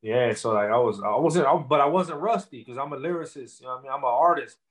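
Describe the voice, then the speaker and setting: A man's voice: medium pitch, fast. A man, a rapper telling stories loosely with lots of swearing and fillers. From Texas. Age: 30s. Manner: loose, profane storytelling with many fillers. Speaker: rapper guest. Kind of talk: casual interview.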